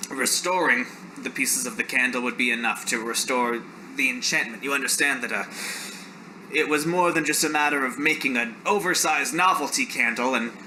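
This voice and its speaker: A man plays a testy male village wizard in a tabletop game, nursing a sore throat and quick to take offense. The voice rings bright and sharp, with a light hiss of noise underneath. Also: medium pitch, poor audio. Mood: grudging. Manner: prickly, defensive, easily offended. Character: grumpy self-important male village wizard teacher.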